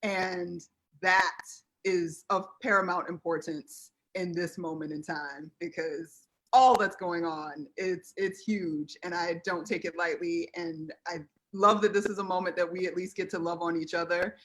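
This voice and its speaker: A woman's voice: on the low side, fairly even intonation, a little slow, fairly bright tone. An American woman speaking as a guest on a live video chat, earnest and heartfelt, close to tears. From United States.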